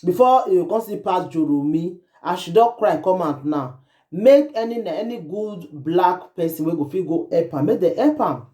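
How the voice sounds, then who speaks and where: A woman's voice: on the low side, lively intonation, moderate pace, mellow. A woman host with a Nigerian accent, giving emphatic commentary in Pidgin and English and repeating phrases as she laments. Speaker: online show host.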